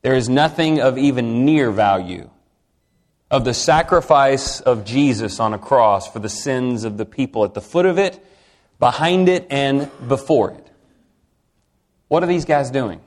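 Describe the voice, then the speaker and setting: A man preaching a sermon to a congregation in a conversational way, asking them questions and swinging from quiet, slow lines to emphatic ones. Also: medium pitch, lively intonation.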